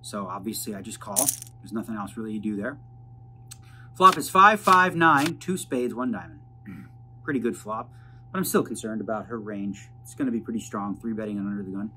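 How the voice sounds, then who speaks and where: A man's voice: lowish voice, animated, moderate pace, bright, forceful tone. A man casually narrating a vlog, chatting through poker hand breakdowns in a rambling, jargon-filled way. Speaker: poker player vlogger. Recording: noisy background.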